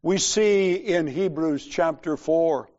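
A man preaching a sermon in a slow, measured, emphatic way, pausing deliberately between phrases. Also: a little high, darkish tone, muffled recording.

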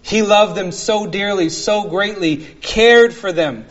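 A man preaching an expository sermon as pastor, slow and earnest, dwelling on single words. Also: high-pitched, a bit bright, highs cut off.

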